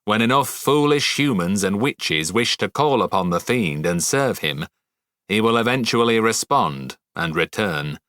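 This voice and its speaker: A cold, commanding witch assassin woman, as a male narrator puts her on for an audiobook. She speaks in a grave, clipped way, in a lowish register. The recording is dry and close. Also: expressive, measured pace, a bit bright, no echo. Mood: stern.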